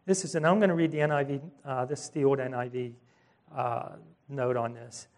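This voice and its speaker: A man's voice: mid-range voice, fairly quick. A man preaching a sermon in a conversational way, retelling scripture with asides and acting out the voices in the story. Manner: animated storytelling, acts out quoted voices; conversational asides and self-corrections. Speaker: pastor.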